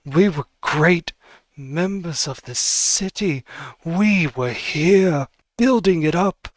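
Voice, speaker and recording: A man voicing the ghost of a proud old noble who slowly laments his fallen house. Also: fairly high pitch, animated, no room sound, pitched above the performer's own voice. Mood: mournful. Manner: slow, lamenting.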